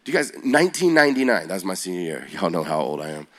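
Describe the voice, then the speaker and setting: Man in his forties, youth preacher; low voice, animated storyteller who quizzes the crowd. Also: racing. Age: 40s. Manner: animated, slangy, asks the audience questions.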